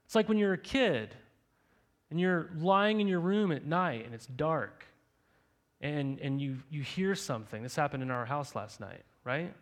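Casual young male preacher, slightly high voice. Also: lively intonation, unhurried. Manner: conversational preaching with frequent "right?" and "like"; rhetorical questions to the congregation. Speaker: pastor. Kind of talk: sermon.

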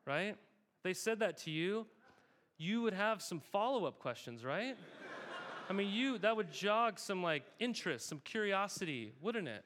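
A young man preaching with a notably high voice. He keeps things conversational, asking the congregation questions and answering them himself. He leans on repeated phrases for emphasis. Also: sing-song, moderate pace, fairly bright tone. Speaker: pastor. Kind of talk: sermon.

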